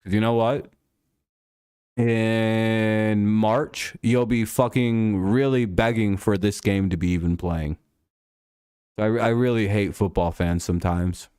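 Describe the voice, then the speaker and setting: Low-voiced streamer ranting, crisp dry sound. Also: male voice, fairly even intonation, slow, a little mellow, no room sound. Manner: irritated ranting, swears a lot. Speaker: live stream host. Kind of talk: casual live-stream chat over a football game.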